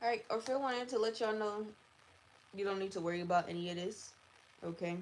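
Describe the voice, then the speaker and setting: A woman hosting a live collective tarot reading, chatty and animated, often laughing. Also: mid-range voice, fairly quick, a little hiss or hum. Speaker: tarot reader.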